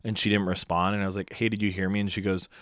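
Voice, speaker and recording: A man's voice: low voice, flat delivery, fast talker, fairly bright tone, no echo, studio quality. A man, a guest comedian on a podcast, telling a story casually and acting out both sides of an argument with rising heat.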